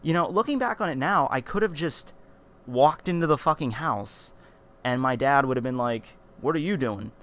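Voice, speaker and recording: A man at a middle pitch tells a story straight to his vlog camera. His talk is animated and rambling, full of fillers, repeats and restarts. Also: moderate pace, smooth. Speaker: vlogger.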